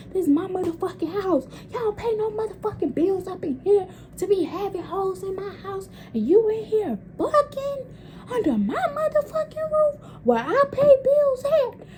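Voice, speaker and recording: Woman doing mad auntie voice, way high and shrill, yelling curses at the kids. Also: expressive, measured pace, hardly any pauses, a little hiss or hum. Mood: furious. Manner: shouting, cursing, outraged. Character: furious middle-aged woman, the boyfriend's aunt, yelling.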